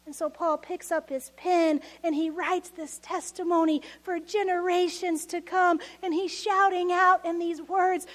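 A woman preaching a sermon, earnest and intimate, dropping to soft whispers for emphasis. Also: very high voice, level tone, unhurried, few pauses.

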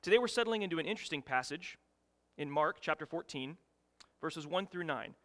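A man preaching as a guest speaker, telling a story with lively rises in his voice. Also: fairly high pitch, fairly quick. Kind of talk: sermon. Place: church sanctuary. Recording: long reverb of a church hall.

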